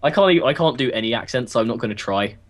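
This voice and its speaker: A man's voice: mid-range voice, expressive, fast talker. A teenage boy, co-hosting a casual podcast and rambling with lots of fillers. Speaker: podcast co-host. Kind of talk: casual chat.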